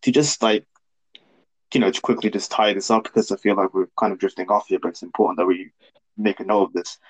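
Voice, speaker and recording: A man's voice: fairly low pitch, steady tone, fast talker, no room sound, low-quality recording. A man in casual podcast chat, talking heatedly and profanely in long rants.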